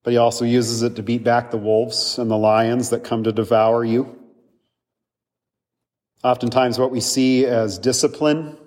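A man's voice: medium pitch, a little mellow. Earnest male pastor in a reverberant church. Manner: earnest, conversational preaching with frequent "right?" asides. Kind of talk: sermon.

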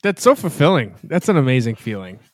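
A man hosting a casual podcast, answering his guest in an affirming and reflective way. His voice sits at a middle pitch for a man. The recording is dry and close, with no room sound. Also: sing-song, fairly quick, dry recording. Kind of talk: casual chat.

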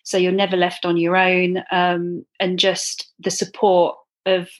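A woman's voice: lowish voice, completely flat delivery, a little slow. A woman guest telling her running story in a chatty, earnest way, with many ums. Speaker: guest, club runner. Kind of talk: casual interview.

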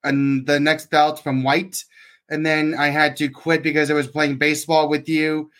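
A young man answers questions as a podcast guest, speaking in a hesitant, halting way. His voice sits a little higher than most men's. He often restarts his sentences and fills gaps with "like". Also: level tone, a bit bright. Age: young adult. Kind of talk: casual interview.

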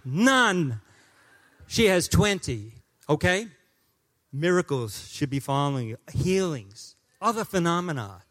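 Male guest pastor, 50s, preaching in church: humorous, animated, fairly high-pitched, loud-to-soft swings. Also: slow pace. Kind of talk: sermon. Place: church sanctuary.

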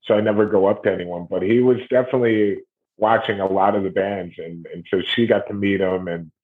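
A man's voice: lowish voice, fairly even intonation, fairly quick. A man from Ohio, a guest musician, telling stories in a loose, rambling way during a casual interview. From Ohio, USA. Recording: tinny phone-like line.

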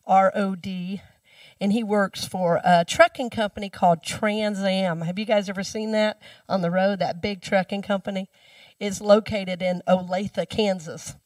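A woman minister giving a sermon in a chatty storytelling way, dropping her voice low when she repeats the mantra. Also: fairly even intonation, unhurried, dry recording, distant mic. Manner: conversational storytelling, speaks the mantra softly.

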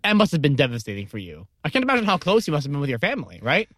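A woman co-hosting a comedy podcast, telling stories in a mock-earnest way with sudden jumps in pitch. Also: huge pitch swings, very fast, dry recording. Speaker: podcast co-host. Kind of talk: improvised comedy chat.

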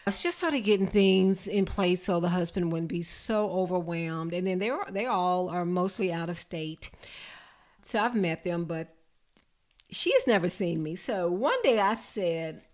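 A woman caregiver telling a personal story to an audience in a lively, expressive way. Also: lowish voice, unhurried. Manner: expressive, lively storyteller who builds to laughter. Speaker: home caregiver.

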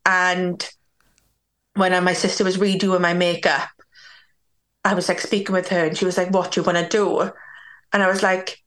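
A woman's voice: lowish voice, little pitch movement, moderate pace, long pauses, fairly bright tone. A young woman from Wales, a podcast guest candidly telling a personal story. She uses many "like"s and acts out what others said. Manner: candid, talks with many "like"s and acts out quoted dialogue.

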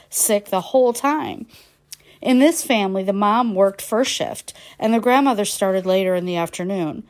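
A woman's voice: medium pitch, moderate pace, darkish tone. A woman, a writer, reading her personal essay aloud in a wry, plain manner.

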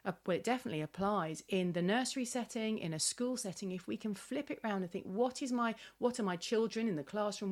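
A woman speaks as an author in an interview, with a mid-range voice. She tells stories fast and freely and acts out what others said. She breaks off and restarts often as she talks. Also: mid-range voice. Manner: storytelling, acts out quoted voices, frequent restarts. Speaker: parenting author guest. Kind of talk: animated conversational interview.

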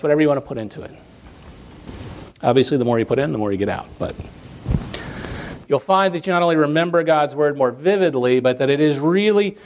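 Earnest male preacher, slightly high voice. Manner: earnest, emphatic lists and repetitions. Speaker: pastor. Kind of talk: sermon.

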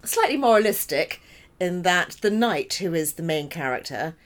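A woman's voice: fairly low pitch, lively intonation, normal speed. A woman stage actor chatting in an interview, laughing often and poking fun at herself. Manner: chatty, laughing, self-deprecating. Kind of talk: casual interview.

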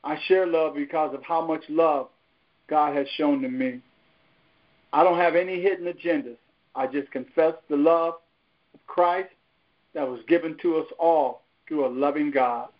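A man's voice: a little high, normal speed, highs cut off. A man speaking in a heartfelt, emphatic way on a church prayer line.

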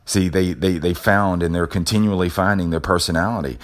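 A man's voice: low-pitched, steady tone, brisk. A man hosting a show and giving a motivational talk, repeating himself with an emphatic, preacher-like cadence. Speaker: podcast host.

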